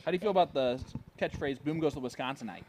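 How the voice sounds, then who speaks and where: A man's voice: medium pitch, very fast, darkish tone. Male darts commentator, chatty and playful, light noise behind. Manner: playful, teasing banter with a young guest. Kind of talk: casual live-stream commentary.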